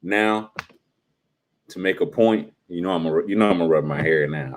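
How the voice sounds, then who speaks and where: A man's voice: low-pitched, steady tone, brisk. A young adult man hosting a casual live stream, teasing and talking straight to his chat in slangy speech.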